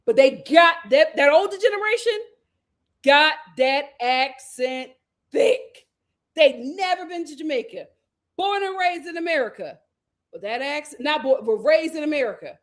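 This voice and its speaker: A young adult woman hosting a live reality TV recap, animated and chatty, with slangy asides. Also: high-pitched. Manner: animated, chatty, slangy, puts on voices when quoting. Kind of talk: casual live stream chat.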